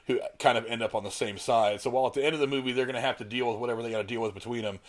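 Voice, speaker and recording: A man's voice: medium pitch, steady tone. A man hosting a film discussion podcast, telling anecdotes and laughing easily. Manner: talks fast, tells anecdotes, laughs easily. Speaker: podcast host. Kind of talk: casual chat.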